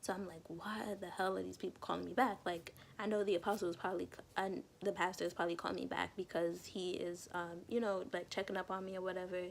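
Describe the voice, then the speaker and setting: A young woman vlogger casually tells a personal story to camera, acting out quotes of herself and others in lively, chatty asides. Her voice is fairly low with vocal fry, and she talks fast with hardly any pauses over slight background noise.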